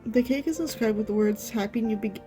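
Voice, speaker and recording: A woman's voice: on the high side, brisk, mellow, faint music behind. A woman streamer reacting to a game, reading its lines aloud and gushing, often exclaiming and trailing off mid-sentence.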